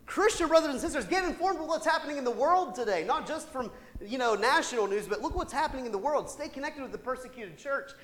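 A pastor preaching a sermon to his congregation, animated and tossing in rhetorical asides with the odd laugh. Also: extremely high pitch, quick pace, hardly any pauses, big-room sound.

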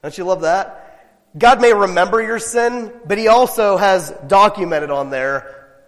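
A man preaching a sermon as pastor, emphatic and animated, asking his listeners rhetorical questions. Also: sits high, a little slow, big-room sound.

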